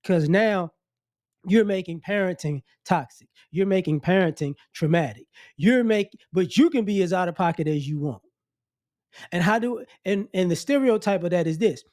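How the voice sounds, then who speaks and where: A man's voice: sits high, animated, normal speed, darkish tone, no room sound, clean studio sound. A man hosting an opinion rant to camera, blunt and scolding, mocking the people he talks about and repeating his points. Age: adult. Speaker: commentary channel host.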